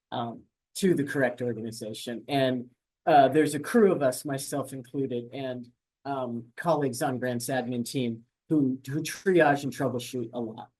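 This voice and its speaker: A grants administration staff member walking viewers through an online portal in a webinar, talking fast with frequent fillers and self-corrections. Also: mid-range voice, darkish tone. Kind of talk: webinar screen-share walkthrough.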